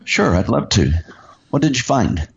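A man hosting a talk show who speaks in a relaxed, hesitant way and chuckles easily. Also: mid-range voice, unhurried, gravelly, slightly rough, muffled recording. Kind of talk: casual radio talk.

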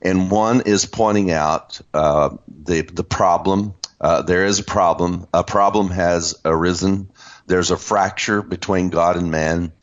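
A man teaching about scripture in an unscripted discussion, speaking haltingly with many fillers and restarts. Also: low voice, steady tone. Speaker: Christian teacher. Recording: dull lo-fi sound.

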